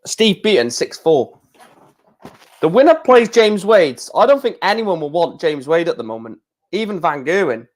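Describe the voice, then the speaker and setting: Man, fairly high voice, casual darts stream host; loose asides to chat, punchier score calls. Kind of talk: casual darts watch-along commentary.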